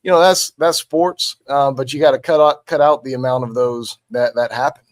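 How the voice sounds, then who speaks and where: Halting man talking football. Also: medium pitch, fairly even intonation, dry recording. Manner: halting, many restarts and fillers. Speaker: sports analyst. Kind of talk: casual sports talk.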